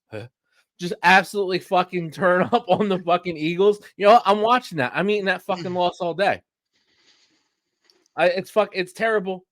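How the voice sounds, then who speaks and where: A man's voice: high voice, fairly bright tone, dry recording, clean studio sound. A man, co-hosting a podcast and ranting heatedly about sports with plenty of profanity. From Philadelphia. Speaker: podcast co-host. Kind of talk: casual sports chat.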